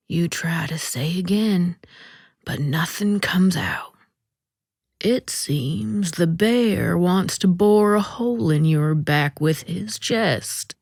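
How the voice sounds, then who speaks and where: A woman hosting a podcast, reading a short story aloud in a slow, deliberate way that dips into soft whispers. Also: on the low side, expressive, no echo, clean studio sound.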